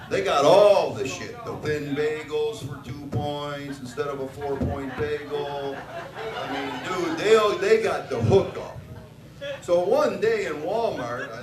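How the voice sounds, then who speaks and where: A man doing a stand-up routine on a bar stage, telling crude, profane stories. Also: fairly high pitch. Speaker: stand-up comedian. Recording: roomy, distant, loud bar noise.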